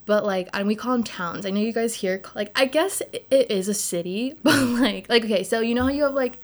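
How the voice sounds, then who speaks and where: A woman's voice: a little high, brisk. A woman from New Jersey speaks as a podcast guest. Her talk is casual and rambling, full of filler words. She is blunt and swears without hesitation. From Northern New Jersey. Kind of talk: casual chat.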